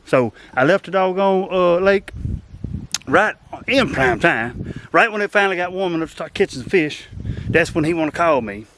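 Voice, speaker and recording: An outdoors vlogger with a high-sitting, lively voice talks at a moderate pace, a bit bright, over slight background noise. Out of breath while pushing a boat across a swampy creek, he rambles in a folksy, self-deprecating way to a camera set up nearby.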